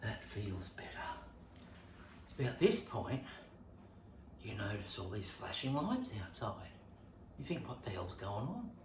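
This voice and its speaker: A man with an Australian accent rehearsing stand-up, telling a story with lots of swearing and sudden jumps from whispers to shouts. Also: lowish voice, very animated, unhurried, long pauses, noisy background. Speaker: stand-up comedian. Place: room at home. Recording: echoey room, distant mic.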